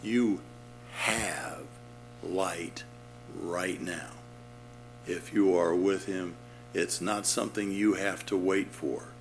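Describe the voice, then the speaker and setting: A man's voice: sits low, fairly even intonation, slow pace, pauses often, soft background music. A man preaching a sermon, explaining Greek words and pressing his points with emphatic repetition.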